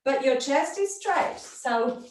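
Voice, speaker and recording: A woman's voice: sits high, lively intonation, slow pace. A woman teaching a yoga class, giving short encouraging cues and breathing as she moves along with the class. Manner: encouraging cues in short commands, breathing and moving while talking. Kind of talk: live yoga class instruction. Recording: very echoey room, distant mic.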